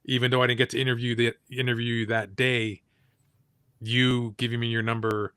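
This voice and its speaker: Bright-voiced male interviewer. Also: medium pitch, level tone, normal speed, clear, resonant tone, no room sound, studio quality. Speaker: interviewer host. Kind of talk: casual interview chat.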